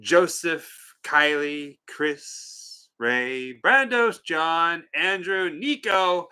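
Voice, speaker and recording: A man's voice: on the high side, lively intonation, very slow, pushed and bright, clear, resonant tone. A man co-hosting a movie watch party livestream, chatting casually, joking and greeting viewers by name. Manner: playful, joking, theatrical greetings. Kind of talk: casual livestream chat, reading out viewer names.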